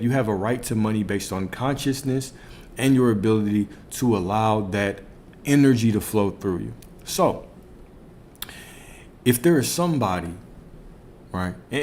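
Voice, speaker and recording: Low-voiced man teaching on a livestream. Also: a little mellow, a little hiss or hum. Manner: reflective, repeats phrases, asks listeners questions. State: a little out of breath. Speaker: spiritual coach streaming to viewers.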